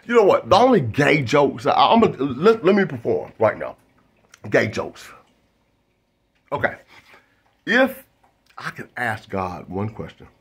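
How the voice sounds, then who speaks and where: Talking to camera, this male comedian rambles through a self-interrupting stand-up bit packed with fillers, restarts and asides. His medium-pitched voice is sing-song and breathy, at a measured pace with long pauses.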